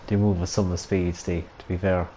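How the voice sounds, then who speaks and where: A man chats casually on a live gaming stream, teasing his viewers in an easygoing, jokey way. His voice sits a little low, with a warm, mellow tone. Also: little pitch movement, normal speed, a little hiss or hum, poor audio. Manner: jokey banter with chat.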